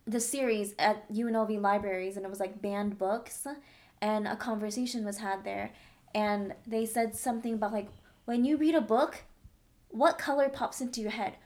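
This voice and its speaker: A woman's voice: medium pitch, darkish tone. A young adult woman talking in a candid, emphatic way in a casual chat.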